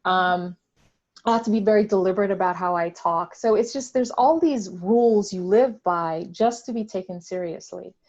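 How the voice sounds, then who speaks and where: Measured woman on a dull video call. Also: mid-range voice, a little mellow. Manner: deliberate, reflective, occasional laughs. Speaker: panelist. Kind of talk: candid discussion.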